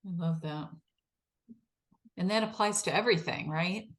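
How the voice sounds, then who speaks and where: A woman's voice: fairly low pitch, moderate pace. A woman hosting an interview podcast, giving short encouraging replies and steering the talk. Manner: encouraging, brief affirmations. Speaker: podcast host, veterinary life coach. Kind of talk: interview chat.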